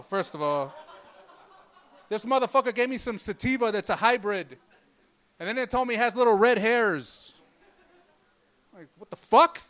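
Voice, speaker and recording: A man's voice: high-pitched, fairly bright tone, clear, resonant tone. A man doing a stand-up comedy set, rambling loosely and swearing constantly. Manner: profane, rambling, loose delivery.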